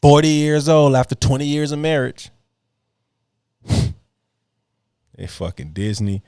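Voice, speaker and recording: A man's voice: on the high side, lively intonation, unhurried, darkish tone, clear, resonant tone, no room sound, clean studio sound. A man hosting a podcast, reacting to clips in blunt, profane casual commentary and laughing mockingly.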